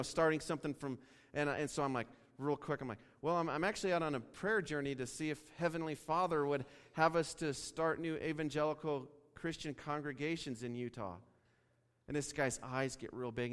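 A man's voice: fairly high pitch, clean tone. Man telling a story in a reverberant hall. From Wyoming. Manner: animated storyteller acting out dialogue. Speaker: pastor. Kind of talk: sermon storytelling. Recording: long reverb of a large hall.

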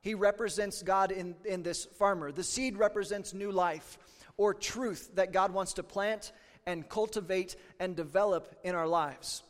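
High-voiced man preaching in a hall. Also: steady tone, unhurried. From Kansas. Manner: folksy, conversational preaching with fillers. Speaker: pastor. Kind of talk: sermon. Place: church sanctuary.

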